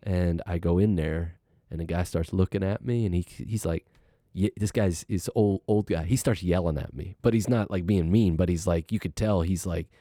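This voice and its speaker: A middle-aged man casually telling a personal story, animated and acting out what people said. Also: low voice, normal speed, dry recording, clean studio sound. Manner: animated, acts out quoted voices, laughs while telling.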